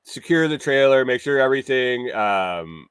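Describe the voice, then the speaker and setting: A man's voice: medium pitch, expressive, moderate pace, a bit bright, smooth, no room sound. Rambling man telling a story. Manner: rambling, swears, restarts and acts out quotes. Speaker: morning show host. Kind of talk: casual storytelling chat.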